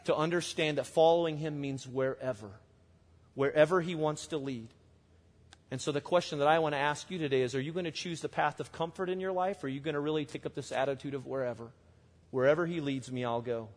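A man preaching a sermon as pastor, in a conversational way full of "you know" and "I mean". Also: a little high. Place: church. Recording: long reverb of a church hall.

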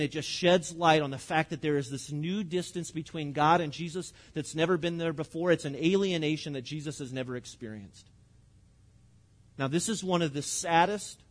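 A man, preaching a sermon in an earnest, conversational way and slowing down to stress scripture. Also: a little high. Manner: earnest and conversational, with frequent restarts and slowed emphasis on scripture. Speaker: pastor.

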